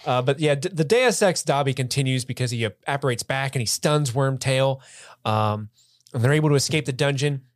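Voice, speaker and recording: A man co-hosting a podcast who retells a film plot quickly, laughs a lot and often slips into voices. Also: mid-range voice, dry recording, studio quality. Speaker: podcast co-host. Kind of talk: casual movie review chat.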